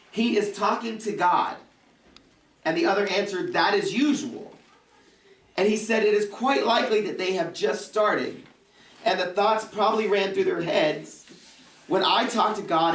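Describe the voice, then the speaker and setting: In a church youth service room, a man with a high, fairly bright voice preaches a joking, casual youth sermon as the youth pastor, doing prayers in silly voices. The mic sits at a distance in an echoey church hall.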